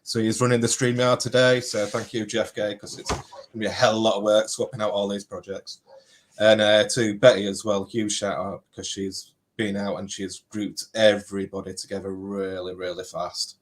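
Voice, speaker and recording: A man's voice: lowish voice, flat delivery, normal speed. A man with a thick Yorkshire accent casually hosting an online panel, chatty and full of thanks. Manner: chatty, thankful, lots of fillers. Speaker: host.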